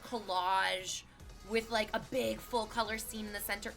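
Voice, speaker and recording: A woman in her thirties streaming and chatting casually as she reads viewer messages, lively and animated, bursting into laughs and exclamations. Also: mid-range voice, measured pace, creaky, soft background music.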